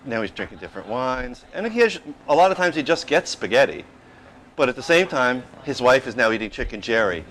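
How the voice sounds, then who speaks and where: Animated storytelling chef in his fifties. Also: medium pitch, brisk, a little hiss or hum, low-quality recording. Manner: animated anecdotal, plays out quotes. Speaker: chef and restaurant owner. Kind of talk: casual storytelling interview.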